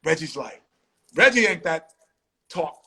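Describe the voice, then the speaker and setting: A man hosts a relaxed live conversation and tells stories with animated energy, acting out what other people said. His voice sits high and rings bright. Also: a little slow, husky, rough recording. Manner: animated storytelling, acts out quotes. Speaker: host. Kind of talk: casual live-stream chat.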